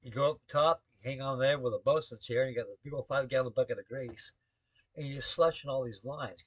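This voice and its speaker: A man's voice: medium pitch, no echo. An older man, a navy veteran, rambling through a spoken story to the camera with folksy, salty talk full of shipboard jargon.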